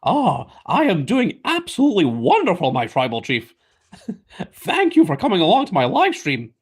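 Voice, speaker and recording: Grovelling flattering wrestling manager, done by a scottish man, raised voice, altered tone. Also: sits high, moderate pace, breathy edge, pitched above the performer's own voice, heavily acted. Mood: fawning. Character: fawning older male wrestling manager.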